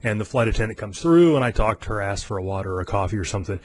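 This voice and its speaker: A man's voice: on the low side, animated, very fast, a little mellow, a little hiss or hum. A man in his forties from the United States, hosting a podcast in a casual, self-amused chat with frequent fillers and chuckles. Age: 40s. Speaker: podcast host.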